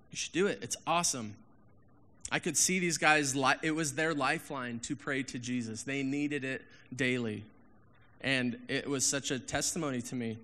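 A man in his thirties preaching a casual sermon as a pastor, candid and animated, going from loud emphasis to hushed asides. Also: medium pitch, in a large hall.

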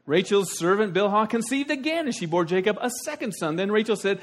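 A middle-aged man preaching a sermon, telling the story in a folksy, animated way with sudden loud outbursts. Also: high voice, fairly quick, few pauses. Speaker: pastor.

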